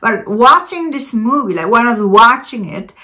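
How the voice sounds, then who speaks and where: Bright-voiced chatty woman reviewing a film. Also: normal speed. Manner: chatty, many fillers and laughs, expressive rises in pitch. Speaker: movie reviewer. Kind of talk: casual spoken film review.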